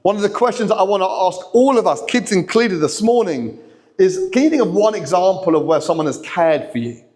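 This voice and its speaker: A man, preaching a lively, chatty sermon that draws in the kids in a church hall. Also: sits high, brisk. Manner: lively, chatty, talks to the kids, acts out lines. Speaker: pastor.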